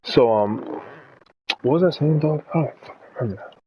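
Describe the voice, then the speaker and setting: A man's voice: medium pitch, animated, a little fast, lo-fi sound, slight background noise. A man streaming a video game, chatting casually in a rambling, profane way. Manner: rambling and profane, full of fillers. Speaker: gaming streamer. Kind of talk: casual chat while playing a video game.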